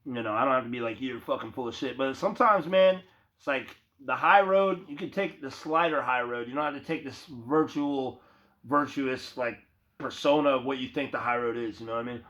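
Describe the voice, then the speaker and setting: A man's voice: medium pitch, fairly quick, a bit bright. A young man in a loose, profane, rambling vlog monologue, talking casually to his viewers. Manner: loose, profane, slangy, calls viewer bro. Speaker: vlogger. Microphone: phone. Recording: dull lo-fi phone audio.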